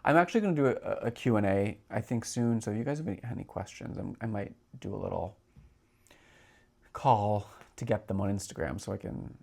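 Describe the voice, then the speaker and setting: A man's voice: lowish voice, brisk, gravelly, a little mellow. A man in his thirties hosting a solo podcast, talking in a chatty, rambling way with many filler words. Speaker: podcast host.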